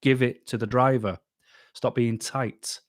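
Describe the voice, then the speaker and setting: A man's voice: medium pitch, fairly even intonation, measured pace, no echo, clean studio sound. A man hosting a casual live stream, reading out chat comments and answering them bluntly. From England. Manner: blunt, chatty, reads comments aloud then answers. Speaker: YouTube channel host reading live chat.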